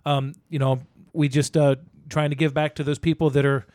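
A middle-aged man chatting on a podcast in a loose, rambling way, circling back and restarting his sentences. His voice sits a little high for a man, and the recording is dry and close with no room sound. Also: little pitch movement, moderate pace, darkish tone, dry recording. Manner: rambling, with many restarts and fillers. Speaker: podcast co-host. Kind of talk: casual podcast chat.

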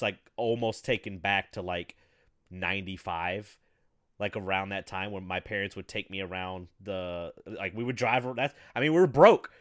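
A man in his thirties chatting casually, telling rambling profane stories with bursts of loud laughter. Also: on the low side, dry recording, studio quality. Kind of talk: casual chat.

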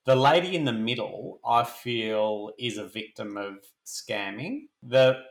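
A man's voice: mid-range voice, a little slow. A man co-hosting a podcast, blunt and emphatic, repeating his points. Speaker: podcast co-host. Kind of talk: casual opinionated chat. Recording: roomy echo.

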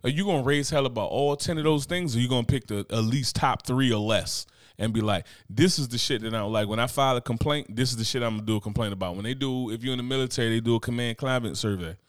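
A man's voice: mid-range voice, fast, no echo, studio quality. A man co-hosting a podcast in casual chat, blunt and profane, mimicking people for laughs. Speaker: podcast co-host.

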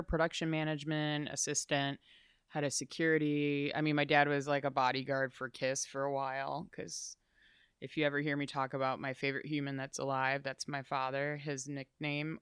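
Casual interview guest from chicago, chatty and rambly, mid-pitched, no room echo. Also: fairly bright tone, clean tone, studio quality. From Chicago, USA. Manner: chatty, rambling, full of "like" asides.

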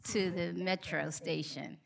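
A woman's voice: fairly low pitch, steady tone, a little slow, vocal fry, crowd noise. A woman telling a chatty story to a group, breaking into laughter between phrases.

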